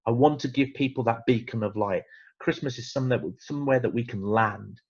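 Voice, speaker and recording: Man, webinar presenter, emphatic, husky, mid-pitched, muffled lo-fi sound. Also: a little fast. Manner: emphatic and animated, repeating words for stress. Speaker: fundraising consultant presenting a webinar.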